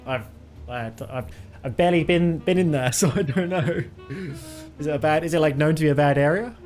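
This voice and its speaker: A man's voice: fairly high pitch, a little fast, a little mellow, faint music behind. Chatty British man streaming a flight sim. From Britain. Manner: rambling, chatty, laughs often, reads chat aloud. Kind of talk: casual live-stream chat while flying a simulator.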